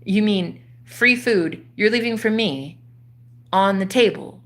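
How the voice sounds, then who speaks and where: A woman in her thirties, a spiritual coach, telling a personal story to her viewers in an animated, casual way, swearing freely. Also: mid-range voice, slow. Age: 30s.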